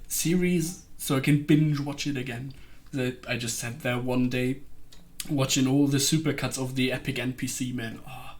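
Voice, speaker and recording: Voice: mid-range voice, slow, long pauses. A livestreamer chatting casually and rambling, with frequent giggles between sentences. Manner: rambling, gushing about a web series. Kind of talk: casual stream chat.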